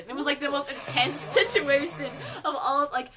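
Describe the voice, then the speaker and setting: A woman co-hosting a podcast, telling a story in a casual, animated way with lots of laughter. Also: high-pitched, fairly quick, few pauses, a little hiss or hum. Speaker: podcast co-host.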